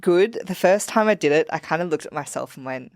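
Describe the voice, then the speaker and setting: A woman's voice: low voice, lively intonation, brisk, a little mellow, no room sound, clean studio sound. Candid woman chatting on a podcast. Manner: candid, laughing at herself. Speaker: podcast guest. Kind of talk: casual podcast chat.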